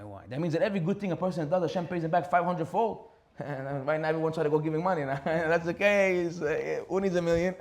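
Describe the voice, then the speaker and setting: Fast-talking, animated rabbi telling a story. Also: male voice, high voice. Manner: animated, acts out dialogue in a story. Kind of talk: Torah class storytelling.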